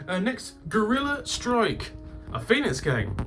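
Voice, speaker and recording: A man hosting a game-collecting channel, chatting casually as he opens his games, swearing freely and bursting into loud laughter. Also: high-pitched, huge pitch swings, unhurried, faint music behind. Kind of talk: casual unboxing chat.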